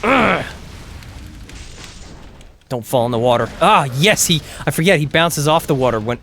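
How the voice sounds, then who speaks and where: Brief: young man, game streamer, slightly high voice, loose rambling commentary with the odd curse. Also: animated, moderate pace, vocal fry, long pauses, a bit bright, slight background noise. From England. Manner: rambling, chatty, swears when the game goes wrong. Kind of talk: casual gameplay commentary.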